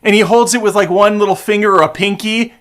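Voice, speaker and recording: A man giving casual, snarky commentary on a movie trailer, swearing freely and breaking into excited bursts. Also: sits high, fast talker. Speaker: movie trailer reaction host.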